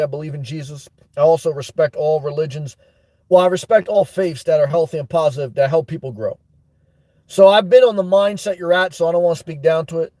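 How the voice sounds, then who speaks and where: A man's voice: sits high, no room sound. A middle-aged man, hosting a livestream and reading viewers' comments aloud with frequent laughs. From New York. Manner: chatty, laughs often, reads comments aloud. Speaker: livestream host. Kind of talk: live chat shout-outs.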